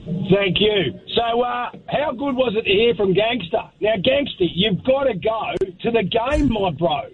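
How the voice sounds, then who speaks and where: A man's voice: sits high, animated, measured pace. A man with an Australian accent, calling in to a talk show, upbeat and effusive with plenty of slang. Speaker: caller. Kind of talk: call-in chat. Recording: tinny phone line with faint noise.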